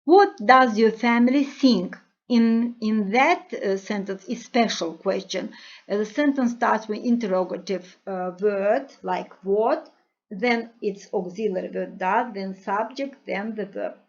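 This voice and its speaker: A woman teaches from a textbook, explaining grammar and vocabulary. She speaks very slowly and deliberately, pausing often, at a middle pitch. The recording sounds dull and lo-fi. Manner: slow, careful explaining with frequent pauses. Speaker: English teacher.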